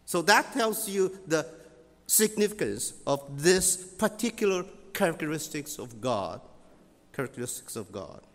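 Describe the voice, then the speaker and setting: A man teaching scripture in sermon style, halting with many fillers and repeating key phrases for emphasis. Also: fairly high pitch, very animated, fairly bright tone, long reverb tail.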